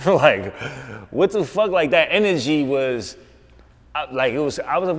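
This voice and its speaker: New York man, animated insistent storyteller, slightly high voice, reverberant room. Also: normal speed. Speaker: guest. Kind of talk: casual podcast interview.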